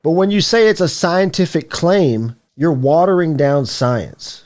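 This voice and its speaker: A man's voice: fairly high pitch, unhurried, darkish tone. A young man co-hosting a casual podcast, ranting with lots of profanity. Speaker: podcast co-host. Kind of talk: casual stoner chat.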